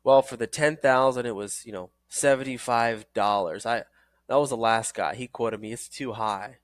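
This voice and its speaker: A man's voice: medium pitch, normal speed, no room sound, clean studio sound, lightly acted. A man voicing an older woman client who complains plainly that insurance quotes are too expensive. He barely changes his own voice for her. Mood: complaining.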